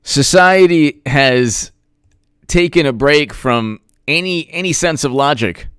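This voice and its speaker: A man's voice: fairly high pitch, takes it slowly, a bit bright, clean tone, dry recording. A man doing sarcastic live-stream commentary, reading chat and mocking people with put-on voices. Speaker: political commentator.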